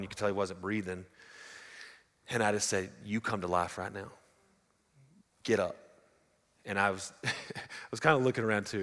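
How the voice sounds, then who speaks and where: A man preaching a sermon, telling stories and swinging from loud to hushed. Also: sits low. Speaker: pastor. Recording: long hall reverb.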